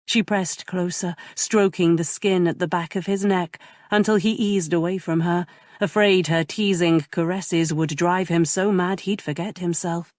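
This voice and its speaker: A woman narrating a romance audiobook in a measured, gentle way. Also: lowish voice, fairly even intonation, no echo, studio quality.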